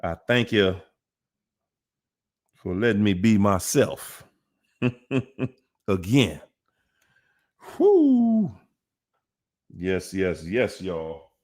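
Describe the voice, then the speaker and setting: A man hosting a livestream Q&A, greeting viewers one by one in a drawn-out hype-man manner with sudden whoops. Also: deep voice. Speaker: livestream host.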